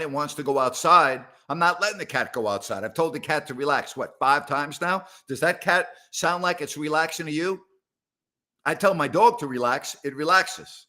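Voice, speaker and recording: Exasperated middle-aged sports talk host. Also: male voice, a little high, bright, forceful tone. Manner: exasperated, rambling, sarcastic. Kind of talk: live call-in show chat. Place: house, indoors.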